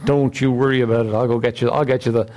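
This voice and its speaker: A man's voice: mid-range voice, little pitch movement, fast, darkish tone, voice pushed down, close to an everyday voice. A man voicing a scheming, sweet-talking queen while retelling a scripture story in a sermon. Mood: coaxing.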